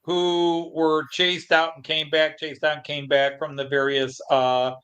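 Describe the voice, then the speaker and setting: A man's voice: a little high, level tone, measured pace, a bit bright. Man explaining history in long chains. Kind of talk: casual explaining.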